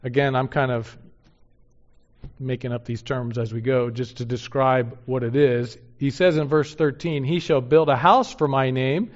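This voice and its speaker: A man teaching through a Bible passage verse by verse. He reads scripture aloud slowly and with emphasis, and asks his listeners rhetorical questions. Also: medium pitch, steady tone, muffled recording.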